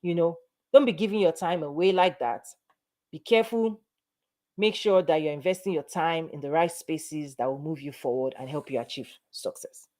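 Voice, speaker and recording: A woman's voice: low-pitched, normal speed, darkish tone. A middle-aged woman, a business and mindset coach, giving a motivational talk to camera in an emphatic manner, repeating phrases for emphasis.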